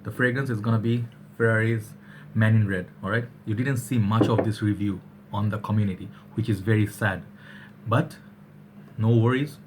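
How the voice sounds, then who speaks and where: A man's voice: on the low side, moderate pace, noisy background. A man chatting energetically to camera as a fragrance reviewer. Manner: chatty, energetic, keeps saying "all right". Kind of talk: casual chat to camera.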